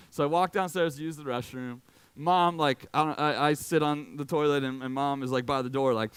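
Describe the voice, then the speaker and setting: A young man in his late twenties from Indiana delivers a youth sermon in a relaxed, joking storyteller's way. His voice is fairly high for a man and smooth, and it is recorded close and dry. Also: moderate pace, no echo. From Indiana, USA. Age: late 20s. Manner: casual, animated, self-deprecating. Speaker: youth pastor.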